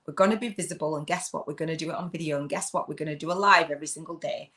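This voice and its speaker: A middle-aged English woman from the UK, hosting a live video chat as a spiritual business coach, loud and effusive with frequent laughs. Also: low voice, very fast.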